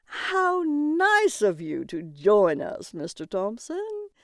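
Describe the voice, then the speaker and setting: A woman voicing a smug auctioneer in a read-aloud story, with a slow, mocking, drawn-out delivery. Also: mid-range voice, huge pitch swings, dry recording, clean studio sound, full character voice.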